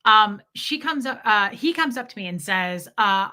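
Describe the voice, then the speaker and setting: Casting: bright-toned woman, profane animated storyteller chatting to viewers. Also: mid-range voice, moderate pace. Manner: profane, animated, quotes others in dialogue. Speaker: streamer telling her own story. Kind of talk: casual storytelling to a live chat.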